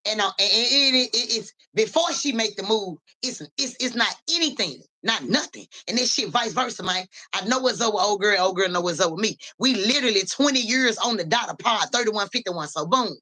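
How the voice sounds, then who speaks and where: A woman telling stories in a casual live stream, animated and profane. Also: brisk, hardly any pauses. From Memphis area, USA. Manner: animated, profane, keeps saying "so boom".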